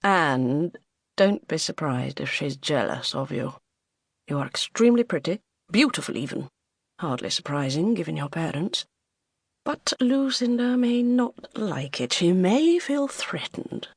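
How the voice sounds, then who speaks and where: Audiobook: woman voicing a kindly, overprotective middle-aged man, quiet and gentle. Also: on the high side, sing-song, a little slow, gravelly, slightly rough, dry recording, clean studio sound, exaggerated voice. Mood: cautioning.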